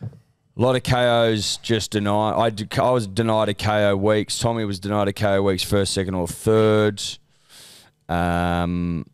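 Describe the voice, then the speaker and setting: A man's voice: fairly low pitch, fairly even intonation, measured pace, clear, resonant tone, no echo, studio quality. An Australian man co-hosting a betting podcast, reading results in a matter-of-fact, wry way. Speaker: podcast co-host.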